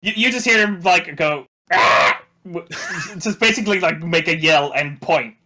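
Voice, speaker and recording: A man runs a tabletop session with a bright, forward voice. He narrates in halting bursts, circling back and restarting his sentences. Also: fairly high pitch. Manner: halting, full of restarts and fillers. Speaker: game master.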